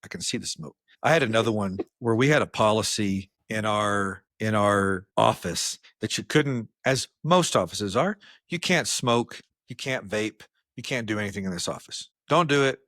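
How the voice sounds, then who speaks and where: A man co-hosting a podcast, telling workplace stories in casual chat and acting out the quotes with big jumps in pitch. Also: moderate pace, no room sound, studio quality. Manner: animated storyteller, acts out quotes with jumps in pitch. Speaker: podcast co-host.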